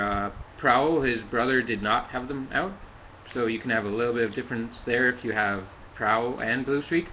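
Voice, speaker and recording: A man's voice: medium pitch, dull audio, a little hiss or hum. A man casually reviewing and demonstrating a toy, walking through each step with lots of ums and uhs as he handles it. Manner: halting, many fillers, talks while handling the toy.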